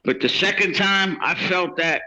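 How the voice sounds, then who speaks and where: A man's voice: high voice, normal speed, bright, forceful tone, lo-fi sound. A man telling his own story in casual, rambling speech, acting out what others said. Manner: rambling, many restarts and quoted dialogue. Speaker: interviewee telling his case.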